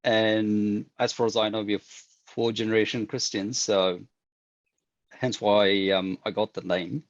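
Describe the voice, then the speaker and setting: A man from India, a cricket umpire answering slowly and hesitantly on a video call panel. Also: on the low side, steady tone, highs cut off.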